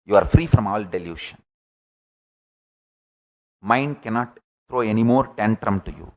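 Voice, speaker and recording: A man giving a spiritual discourse as a teacher, deliberate and repeating key phrases for emphasis. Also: lowish voice, expressive.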